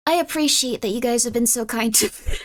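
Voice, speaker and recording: A woman streaming live, chatting casually and rambling, reacting to chat with sudden high squeals and wide swings in pitch. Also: fairly quick.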